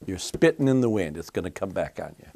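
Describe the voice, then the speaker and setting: A man's voice: low-pitched, very animated, fast talker, creaky, darkish tone. A male preacher delivering a sermon in a folksy, conversational way, with casual asides to the congregation.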